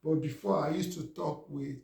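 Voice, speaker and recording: A man's voice: fairly high pitch, moderate pace, creaky, dark tone. A middle-aged Nigerian man, a Yoruba speaker, telling a casual story in a chatty way and often asking "you understand?". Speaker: vlogger. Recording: roomy echo.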